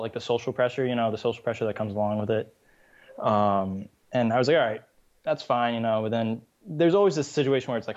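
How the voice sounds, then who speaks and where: A man's voice: mid-range voice, darkish tone. A young man from Massachusetts, a college athlete, talks as a podcast guest. He is laid-back, laughs easily and leans on "you know", and his voice comes through slightly dull and lo-fi. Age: 20s. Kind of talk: casual interview chat.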